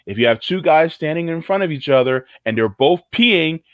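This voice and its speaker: A man's voice: fairly high pitch, expressive, normal speed, no room sound. Rambling jokey man on a livestream. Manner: rambling and jokey, with many restarts. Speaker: co-host. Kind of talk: casual livestream chat. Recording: muffled lo-fi audio.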